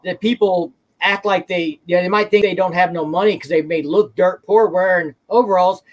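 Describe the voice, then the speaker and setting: A man's voice: sits high, fairly even intonation, normal speed, low-quality recording. A man from the Ozarks, a motorcycle vlogger, chatting casually in a folksy, rambling way. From Ozarks, United States. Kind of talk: casual chat.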